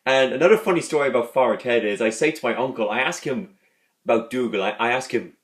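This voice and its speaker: Speaking quickly in a mid-range voice, this man hosts a laid-back video where he reviews a sitcom. His vlog-style talk wanders, with repeated words and sentences he starts over.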